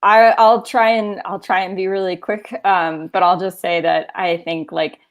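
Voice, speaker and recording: A woman's voice: mid-range voice, level tone, unhurried, muffled recording. A woman documentary filmmaker speaking earnestly at a casual Q&A, rambling with many fillers and restarts. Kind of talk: video-call Q&A, casual.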